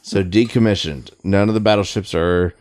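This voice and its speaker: Casting note: male Navy veteran, lower voice, animated and profanity-heavy storytelling. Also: normal speed. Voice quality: swears constantly, animated storytelling. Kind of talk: casual profane chat.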